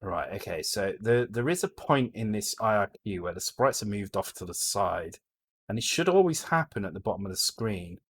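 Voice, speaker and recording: A man's voice: fairly low pitch, lively intonation, moderate pace, slight background noise. A British man on a live coding stream, thinking aloud in a blunt way, swearing freely and often breaking off to restart his sentences. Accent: British English. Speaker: streamer coding a retro game. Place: home.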